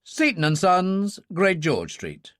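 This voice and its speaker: A man voicing an older male intelligence chief who speaks crisply and commandingly in an audiobook reading. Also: high voice, sing-song, takes it slowly, fairly bright tone, no room sound, clean studio sound, voice pushed up, full character voice. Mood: brisk.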